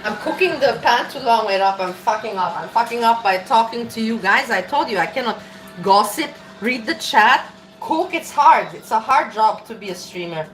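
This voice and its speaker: A woman live-streaming as she cooks, chatting to viewers in an animated, laughing way and swearing freely. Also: on the high side, moderate pace, distant mic. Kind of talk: casual live-stream chat while cooking. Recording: roomy echo with faint music.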